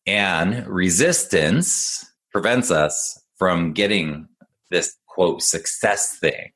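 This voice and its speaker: Extremely slowly, a very low-voiced man talks through ideas as an executive function coach on a casual podcast. He's patient and encouraging, and animated whenever he tells a story.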